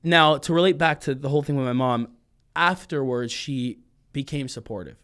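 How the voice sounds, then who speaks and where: A man in his twenties, a mentalist guest, telling stories in a casual, animated podcast interview that drifts off on tangents. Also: medium pitch, normal speed, clear, resonant tone.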